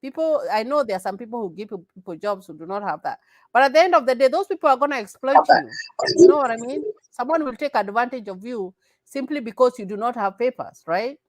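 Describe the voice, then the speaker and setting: A woman's voice: a little high, lively intonation, fast, dry recording, rough recording. Earnest Kenyan-born woman, dry close sound. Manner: earnest, repeats herself, laughs often. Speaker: interview guest. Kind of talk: casual interview conversation.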